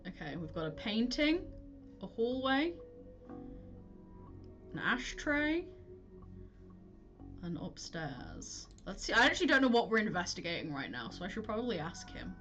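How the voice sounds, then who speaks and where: A young woman streamer chats casually and self-deprecatingly as she plays, laughing easily. Her pitch swings up and down in a lively way. Faint music plays in the background. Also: measured pace, pauses often, muffled recording. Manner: chatty, giggly, self-deprecating. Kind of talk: casual gameplay commentary.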